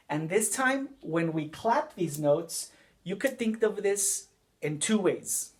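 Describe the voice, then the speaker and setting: A man leads a children's music lesson at an unhurried, deliberate pace. He is patient and repeats each step. He often stops to ask the class a question. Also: fairly high pitch. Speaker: music teacher.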